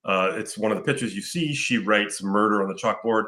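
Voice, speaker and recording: A man rambles through a movie plot, cursing freely and stacking up "um"s and "like"s. His voice is lowish but bright and forceful. It sounds distant and roomy, as if it is caught by someone else's mic. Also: fairly quick. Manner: profane, rambling storyteller with lots of fillers. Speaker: podcast host recapping a film. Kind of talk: casual chat. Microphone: picked up from afar by another mic.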